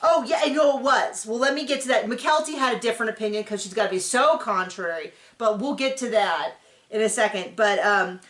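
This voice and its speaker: A woman's voice: on the high side, a little fast, fairly bright tone, reverberant. A woman hosting a casual TV recap, chatting in a sarcastic, filler-heavy way. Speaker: recap show host.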